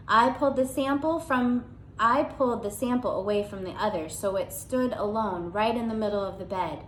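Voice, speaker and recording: A woman reading a children's chapter book aloud, narrating gently in the first person. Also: a little high, normal speed, echoey room, slight background noise, low-quality recording. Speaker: audiobook reader.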